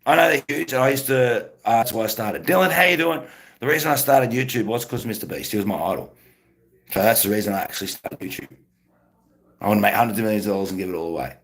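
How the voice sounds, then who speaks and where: Streamer, male, rambling casual chat, gravelly fry in the voice. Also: on the low side, fast talker. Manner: rambling, talks to chat viewers by name.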